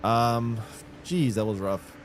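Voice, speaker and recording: A man streaming a game live, reacting out loud and talking to his chat. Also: mid-range voice, slow, slight background noise. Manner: animated, exclaims and talks to chat. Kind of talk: live gameplay commentary. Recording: faint game music behind.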